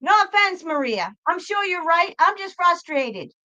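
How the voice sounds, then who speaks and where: High, bright-voiced swearing woman. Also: very animated, measured pace, highs cut off. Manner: profane, exasperated ranting; talks back to chat viewers. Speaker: psychic livestream host. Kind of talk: livestream chat.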